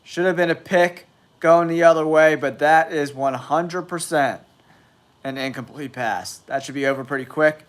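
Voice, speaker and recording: A man whose voice sits on the high side and sounds nasal from a cold hosts a live football stream at a normal speed. His commentary is blunt, exasperated trash talk.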